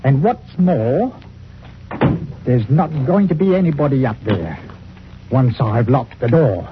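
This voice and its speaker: Village greengrocer, folksy, deferential, lively pitch, tinny old radio recording. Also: male voice, slow pace, slight background noise. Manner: folksy, deferential, with dropped grammar. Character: chatty village greengrocer and church bell-ringer, deferential man. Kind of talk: 1940s radio acting.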